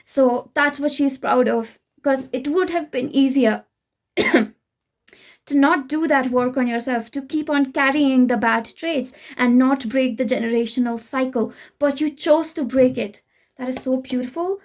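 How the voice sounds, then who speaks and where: A young Indian woman with an Indian English accent, giving a gentle, reassuring spiritual tarot reading straight to the listener. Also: high-pitched, unhurried. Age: young adult. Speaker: tarot reader.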